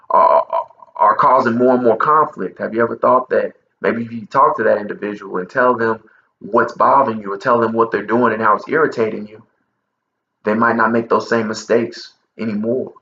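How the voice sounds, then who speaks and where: Animated storytelling man in a roomy space. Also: medium pitch, highs cut off. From Texas. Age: 30s. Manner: animated storyteller, direct address to listeners. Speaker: motivational speaker. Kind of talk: storytelling motivational talk.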